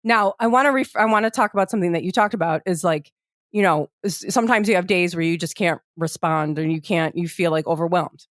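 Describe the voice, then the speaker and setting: A woman's voice: lowish voice, a little fast, dry recording, clean studio sound. Earnest woman podcast co-host. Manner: earnest, emphatic explaining. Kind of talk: casual chat.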